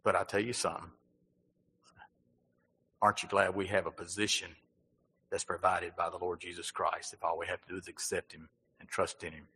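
A man's voice: low voice, flat delivery, normal speed, long pauses, sharp tone, slightly rough, big-room sound, low-quality recording. A male pastor preaching a sermon, asking the congregation rhetorical questions and building emphasis.

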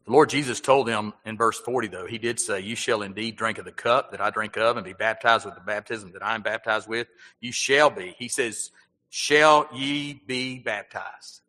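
Male pastor, bright forceful tone, preaching with rhetorical questions, big hall reverb. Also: on the low side, fairly quick. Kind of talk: sermon.

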